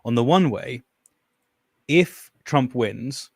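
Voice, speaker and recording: A man's voice: mid-range voice, lively intonation, slow, a little mellow, slightly rough, no echo, clean studio sound. A man on a livestream panel who talks in a self-deprecating, joking way. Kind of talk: casual livestream panel chat.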